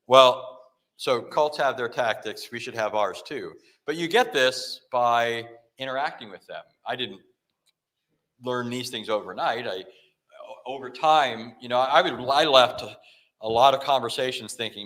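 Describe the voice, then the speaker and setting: A man's voice: medium pitch, moderate pace, sharp tone. A man giving a talk on apologetics, telling a story and acting out the dialogue with frequent restarts. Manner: frequent self-corrections and restarts. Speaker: Christian apologetics speaker.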